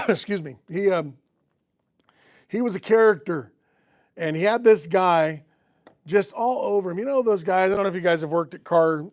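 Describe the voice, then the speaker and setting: Man, middle-aged, high voice, casual livestream host, folksy storyteller. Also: moderate pace, long pauses. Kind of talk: casual livestream chat with viewers.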